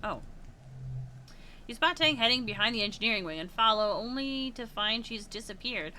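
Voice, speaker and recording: Bright-voiced woman streamer. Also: a little high, lively intonation, a little fast, slight background noise. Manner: reads game text aloud and reacts with playful laughs and gasps. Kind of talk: reading a game aloud with casual chat.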